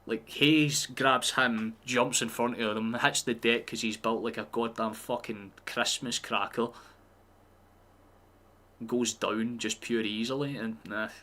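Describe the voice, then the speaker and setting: A man's voice: mid-range voice, little pitch movement, measured pace, a bit bright. A man streaming a live football watchalong, chatting casually and swearing freely as he reacts to the match.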